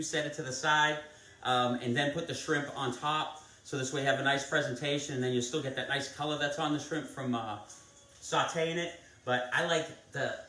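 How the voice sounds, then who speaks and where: A man's voice: medium pitch, sharp tone. A man hosting a live cooking stream, chatting viewers through each step of a recipe in a casual way. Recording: echoey kitchen, mic at a distance.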